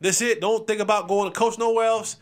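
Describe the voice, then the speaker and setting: A man hosting a sports show, giving game picks in a casual, animated and playful way, repeating phrases for emphasis. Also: high voice, brisk.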